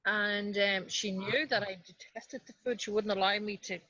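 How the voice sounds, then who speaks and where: A woman taking part in an online coaching session, talking in a halting, hesitant way. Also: mid-range voice, fairly even intonation, sharp tone, no echo, dull audio. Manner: hesitant, halting, searching for words. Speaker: coaching participant. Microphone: video call.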